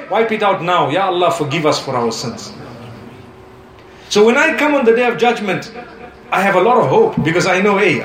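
A man preaching a sermon to a live audience, animated and humorous, telling stories and mixing in Arabic phrases. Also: high-pitched, roomy sound. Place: lecture hall on tour.

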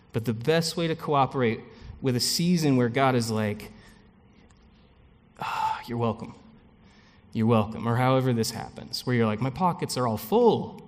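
A pastor gives a relaxed, chatty sermon with asides to the congregation. His voice sits at a middle pitch for a man. The sound carries a long reverb from a church hall. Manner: conversational, animated preaching with frequent asides and light laughs.

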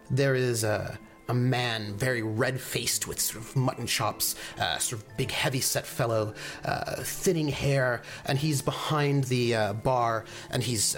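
Halting game master narrating a scene. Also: male voice, mid-range voice, a bit bright. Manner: halting, many fillers and restarts.

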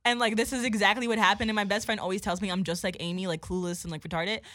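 A woman telling a story in a casual podcast chat, animated and swearing, acting out what people said. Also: mid-range voice, fast, no room sound.

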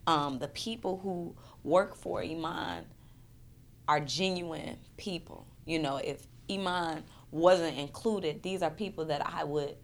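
A woman's voice: low-pitched, takes it slowly, slight background noise. A woman poet in her thirties, speaking earnestly and emotionally in an interview, often repeating words as she searches for them. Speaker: poet and performance artist. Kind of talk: candid interview conversation.

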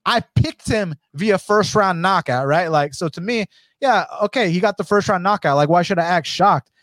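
A man hosting a casual podcast, rambling and swearing freely. His voice sits a bit high, and the recording is very dry and close. He speaks with loose, animated energy. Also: moderate pace, no echo. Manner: profane, animated, rambling with many fillers. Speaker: podcast host. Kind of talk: casual fight-betting podcast chat.

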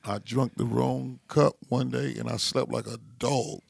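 A man's voice: mid-range voice, steady tone, a little slow, gravelly, a little mellow, dry recording. A man chatting on a podcast, telling swaggering, crude stories and laughing often. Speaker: barber and podcast regular. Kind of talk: casual crude podcast banter.

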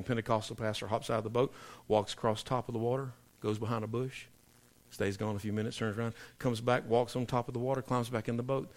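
A man preaching a sermon, telling joke stories in a folksy way, then building into loud emphatic preaching. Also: lowish voice, fairly even intonation, normal speed, long pauses. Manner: folksy storyteller, swings from soft asides to loud emphatic preaching.

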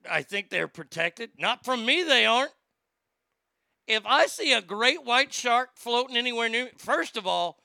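A man goes on a blustering, profane comedic rant and stammers when he gets worked up. His voice sits high and very bright with a gravelly rasp. It is recorded dry on a close mic. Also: no echo.

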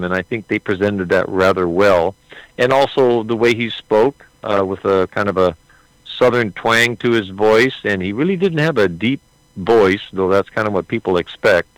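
An actor who portrays Lincoln answers earnestly as an interview guest, talking about playing a historical figure with hesitant restarts. His voice is on the low side with a fairly bright tone, and the recording is rough with no room sound.

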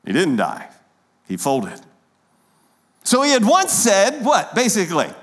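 A man's voice: high-pitched, wildly swooping pitch, measured pace. A pastor preaching a sermon in a church, talking conversationally and putting rhetorical questions to his congregation. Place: church sanctuary with pews.

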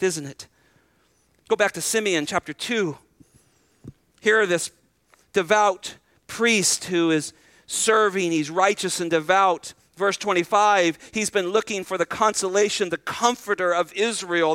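Pastor, male, bright high voice, dry close sound, preaches in a conversational way, asks questions, repeats words. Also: no echo. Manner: repeats words when starting sentences. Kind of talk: sermon.

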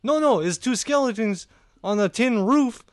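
A man's voice: very high-pitched, lively intonation, normal speed, no room sound, studio quality, pitched above the performer's own voice. A man putting on a to voice a house painter telling a joke, with earnest, punchy delivery. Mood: insistent.

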